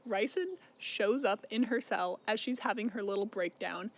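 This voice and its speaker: A man's voice: high-pitched, moderate pace. A young man casually recapping a novel, chatty and swearing freely. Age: young adult. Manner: chatty, swears, laughs while recounting. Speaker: book vlogger.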